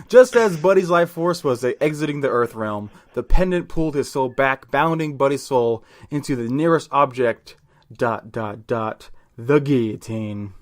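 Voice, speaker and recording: A man's voice: medium pitch, lively intonation, unhurried. Laughing man narrating a comedy story. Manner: laughs often, crude jokes. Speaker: podcast host and storyteller.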